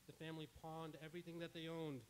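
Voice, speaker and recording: A male pastor with a somewhat high voice preaches in church. He spins a story dramatically and voices the characters' lines himself. A faint hiss runs under the recording. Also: completely flat delivery, fast. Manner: dramatic retelling with quoted dialogue. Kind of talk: sermon storytelling.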